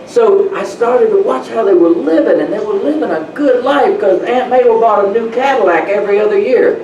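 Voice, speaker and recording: A man giving a motivational real estate talk to an audience, telling animated stories from his own life. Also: sits high, a little fast, lo-fi sound. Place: meeting room. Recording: roomy, distant, faint room noise.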